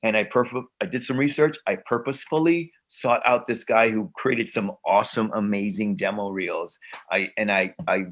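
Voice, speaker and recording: A man's voice: on the low side, moderate pace. A middle-aged man, an actor and guest, telling stories in casual conversation with frequent restarts and acted-out dialogue. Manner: animated, repeats himself, acts out quoted dialogue. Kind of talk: conversational storytelling.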